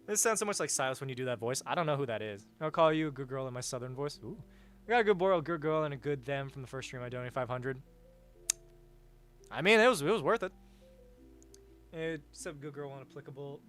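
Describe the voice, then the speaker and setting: A young man hosting a livestream, chatting casually and reading chat, rambling and swearing freely with a vaguely raspy edge. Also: mid-range voice, animated, brisk, long pauses, fairly bright tone, soft background music. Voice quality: says his voice is vaguely raspy. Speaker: livestream host. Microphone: headset or desk mic with headphones.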